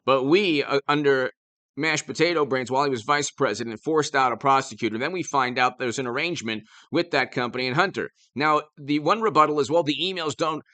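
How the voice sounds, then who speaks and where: Bright, emphatic male political commentator. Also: medium pitch, brisk. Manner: emphatic, urgent, with frequent restarts and repetitions. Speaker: political commentary channel host.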